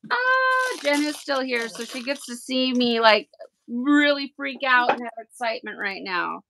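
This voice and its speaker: Woman, livestream host, gushing, fairly high pitch, gravelly edge. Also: measured pace, a little hiss or hum. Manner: gushing and excitable. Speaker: tie-dye livestream host. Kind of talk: casual livestream chat while unboxing.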